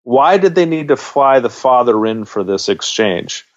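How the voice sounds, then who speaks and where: A man's voice: mid-range voice, animated, unhurried. A man co-hosting a podcast in casual chat, blunt and swearing, often repeating words as he thinks. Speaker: podcast co-host. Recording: dull lo-fi audio.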